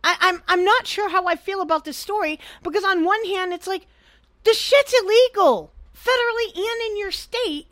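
A woman co-hosting a casual podcast, blunt and animated, swearing freely as she gives her opinions. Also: extremely high pitch, fairly quick, few pauses, dry recording. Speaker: podcast co-host. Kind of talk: casual chat.

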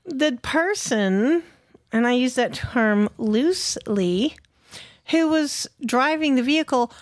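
A woman's voice: high-pitched, expressive, takes it slowly, dry recording, studio quality. A woman co-hosting a podcast, telling a story in a blunt, emphatic, heavily profane way. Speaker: podcast co-host.

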